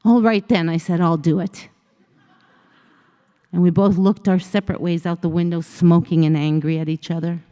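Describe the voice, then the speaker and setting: A woman's voice: fairly low pitch, fairly even intonation, normal speed, mellow. A woman motivational speaker telling a personal story on stage at a conference, acting out the dialogue in shifting voices. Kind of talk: storytelling keynote speech. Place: conference stage in a large hall. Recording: long hall reverb.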